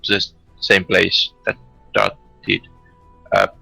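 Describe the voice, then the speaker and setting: A man playing a tabletop game, speaking haltingly with many pauses. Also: low-pitched, fairly even intonation, creaky, pushed and bright, husky, no echo, soft background music, rough recording. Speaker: player. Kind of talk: casual tabletop game play.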